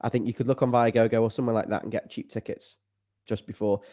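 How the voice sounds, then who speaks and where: Middle-aged man, jokey fan-show co-host, mid-pitched, casual. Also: little pitch movement, fast, mellow. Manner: jokey, breaks into falsetto singing. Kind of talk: casual chat.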